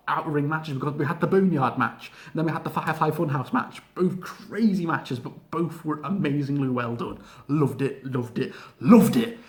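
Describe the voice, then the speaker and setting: A man giving an excitable, gushing casual video review of a wrestling event, with frequent laughs and filler words. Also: a little high.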